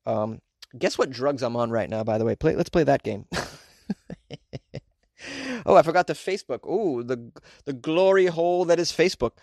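Male podcast host, mid-pitch, joking and rambling, laughs a lot, dry close-mic sound. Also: lively intonation, moderate pace, pauses often, darkish tone, no room sound. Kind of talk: casual podcast monologue.

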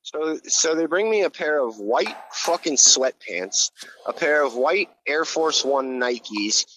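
A man who grew up in Hawaii, telling a long story in a casual, profane, rambling way and getting loud when he reenacts scenes. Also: on the high side, expressive, slow, a little hiss or hum. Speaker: guest telling his story. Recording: slightly dull, lo-fi sound.

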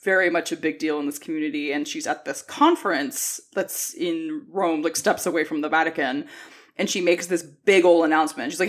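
A woman from Mexico co-hosting a casual book podcast, chatty and quick to laugh. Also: sits low, steady tone. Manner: chatty, laughs often, many fillers. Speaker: podcast co-host.

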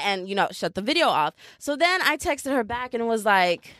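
A young woman hosting a podcast, telling a story in a casual, animated way and mocking other people in impressions. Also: medium pitch, brisk, few pauses, no echo, studio quality. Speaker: podcast host. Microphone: podcast mic.

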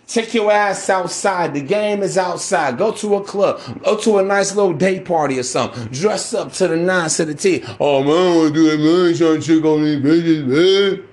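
Brash, profane man ranting. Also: high voice. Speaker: podcast host. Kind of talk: ranting monologue.

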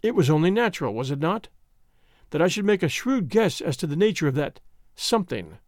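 A man voicing a cunning male spy who speaks quietly and placidly, with dry sarcasm. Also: on the high side, very animated, a little fast, no room sound. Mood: coolly sarcastic.

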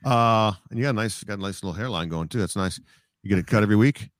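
With a lowish voice and a fast delivery, this middle-aged sportscaster rambles reflectively through stories as a guest in a relaxed interview, restarting often. The sound is studio quality, free of room sound.

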